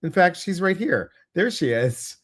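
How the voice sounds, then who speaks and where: A man's voice: sits high, big pitch swings, unhurried, fairly bright tone. A man hosting a livestream podcast, chatting casually and greeting viewers by name. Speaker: podcast host.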